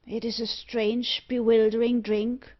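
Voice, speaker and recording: A woman voicing a bitter, frightened young gentleman, delivering his lines slowly and tensely. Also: fairly high pitch, level tone. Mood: agitated. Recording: dull lo-fi audiobook recording.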